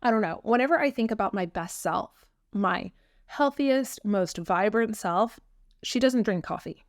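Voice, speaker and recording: A woman's voice: medium pitch, animated, unhurried, dry recording, clean studio sound. A woman hosting her own podcast, talking earnestly and frankly with frequent ums in a casual solo chat. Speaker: podcast host.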